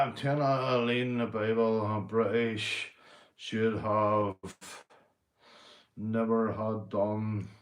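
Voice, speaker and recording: A Northern Irish man hosting a casual livestream, rambling and boisterous, a few beers in, calling everyone "mate". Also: on the low side. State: drinking beer. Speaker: livestream host. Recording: echoey room.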